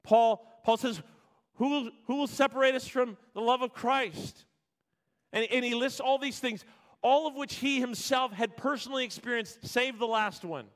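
A man preaching a sermon, reading scripture with rising intensity, then dropping to quiet, slow emphasis. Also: extremely high pitch. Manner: builds to loud emphatic peaks, then drops quiet and slow. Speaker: pastor.

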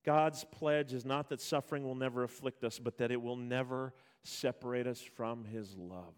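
A man preaching a sermon, reading scripture with rising intensity, then dropping to quiet, slow emphasis. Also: medium pitch, fairly even intonation, clear, resonant tone. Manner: builds to loud emphatic peaks, then drops quiet and slow. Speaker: pastor.

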